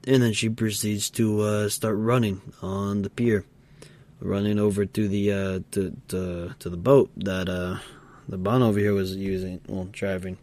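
A tired man co-hosting a podcast, telling a story in a halting, casual way with lots of fillers and restarts. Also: fairly low pitch, flat delivery, darkish tone. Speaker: podcast co-host. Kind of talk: casual role-play storytelling.

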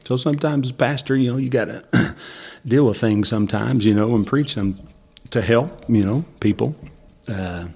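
A husky man telling folksy church stories, laughing often. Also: medium pitch, moderate pace, a little mellow. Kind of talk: casual storytelling.

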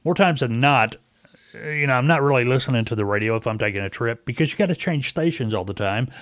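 A man's voice: medium pitch, animated, fast talker, a bit bright, no room sound, clean studio sound. A middle-aged man hosting a casual talk radio show, telling a folksy story and acting out a caller's lines.

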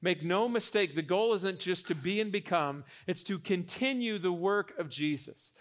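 A young adult man preaching a sermon as pastor, animated, with joking asides, repeating phrases for emphasis. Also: sits high, moderate pace.

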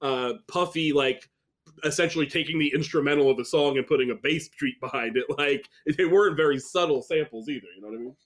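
A man's voice: a little high, fast talker. Laid-back man in casual podcast talk. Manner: relaxed, rambling, frequent fillers and swearing.

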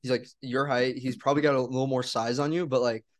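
A young man who pitches and coaches baseball, talking in a laid-back way in casual chat. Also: steady tone, racing. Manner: laid-back, says "dude" a lot.

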